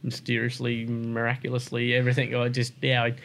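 A man's voice: mid-range voice, monotone, a little fast, gravelly, fairly bright tone, a little hiss or hum. An Australian man, a racer guest, telling his story in casual interview chat with lots of fillers and restarts. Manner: rambling, many fillers and restarts.

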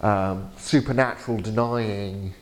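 A man lecturing to a class in a halting, chatty way, with many fillers and restarts. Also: on the low side, fairly even intonation. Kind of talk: teaching session. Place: lecture room.

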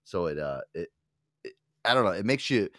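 Deep-voiced man, casual podcast host. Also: big pitch swings, a little fast, bright, forceful tone, dry recording, studio quality. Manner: rambling, profane, laughs easily. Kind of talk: casual chat.

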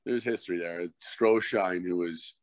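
A man's voice: deep voice, a little slow, no echo. A middle-aged man, a former hockey fighter turned coach, telling stories in a casual, profane podcast chat. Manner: profane, animated storyteller.

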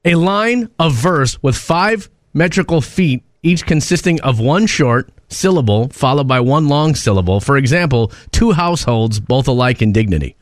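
Brief: male radio host in his thirties, playful banter, animated delivery. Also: medium pitch, normal speed, few pauses, dry recording, clean studio sound. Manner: joking, lively, laughs often. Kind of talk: casual morning radio banter.

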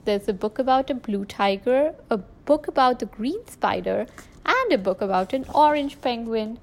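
A woman reads a children's picture book aloud, her fairly high voice full of lively rises and falls. The delivery is warm and expressive, made for young listeners. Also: moderate pace. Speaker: storyteller. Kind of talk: children's storybook read-aloud.

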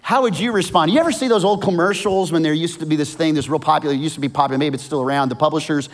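A man's voice: fairly high pitch, very fast. A man preaching a sermon as casual, vivid storytelling with slang. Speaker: pastor.

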